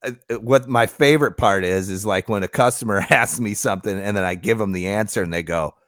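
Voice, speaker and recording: A man with a low, deep voice hosting a casual podcast. He talks with emphatic energy, reading ads and joking with his co-hosts. The room is dry and close. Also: fairly quick, a bit bright, no echo. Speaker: podcast host. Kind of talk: casual podcast chat and read ad.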